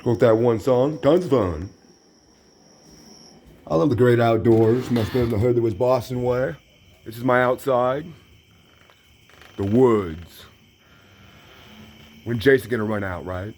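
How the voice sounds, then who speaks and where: A man with a mid-range voice talks his way through a relaxed home tour, his delivery dry and sarcastic. A faint hum of room ambience sits under his voice. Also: medium pitch, normal speed. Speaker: vlogger. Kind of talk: casual home tour narration.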